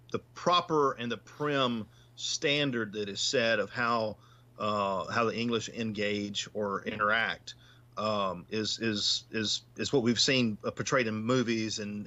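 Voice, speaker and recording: A man's voice: on the low side, pushed and bright, muffled recording. A man with a Southern US accent, a podcast guest talking things through and stumbling over repeated words. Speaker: guest, paranormal investigator. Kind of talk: casual chat.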